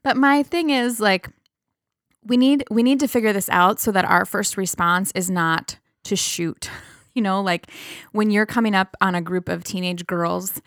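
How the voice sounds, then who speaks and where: A woman's voice: medium pitch, measured pace, a bit bright, no echo, studio quality. A woman co-hosting a podcast, talking earnestly and casually with fillers. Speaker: podcast co-host, sociology instructor. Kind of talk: casual political chat.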